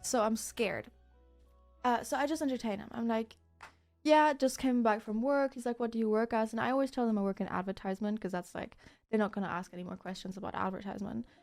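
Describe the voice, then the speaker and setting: This is a young woman from Germany with a German accent, streaming, who recounts a story to her chat in a casual, animated way. Her voice sits a little high, and she acts out quotes and swears freely. Faint music plays behind her. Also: quick pace, vocal fry.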